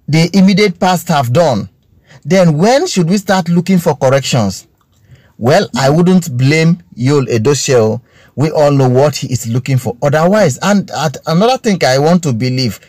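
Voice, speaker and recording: A man's voice: high voice, darkish tone, dry recording, studio quality. A man with a Nigerian English accent, speaking to his viewers in an earnest, preachy monologue on current affairs, stretching out key phrases and repeating his points. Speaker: social commentator addressing his viewers.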